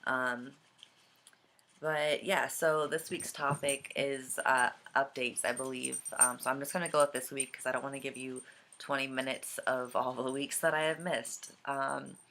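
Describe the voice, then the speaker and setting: A young man vlogging casually from home, with a slightly scratchy, gravelly voice and a hesitant way of talking full of ums. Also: medium pitch, level tone, unhurried, pushed and bright. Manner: hesitant, many ums and trailing thoughts. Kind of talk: casual vlog chat. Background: dog and cat noises.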